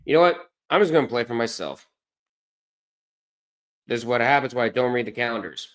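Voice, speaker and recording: A man's voice: mid-range voice, animated, a little fast, a bit bright. A man chatting casually on a live stream as he watches college basketball, rambling, correcting himself and poking fun at himself. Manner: rambling, self-correcting, self-deprecating.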